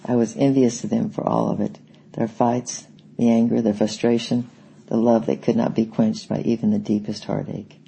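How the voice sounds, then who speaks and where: Gravelly, dark-voiced male audiobook narrator. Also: lowish voice, level tone, normal speed, poor audio. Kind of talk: scripted narration.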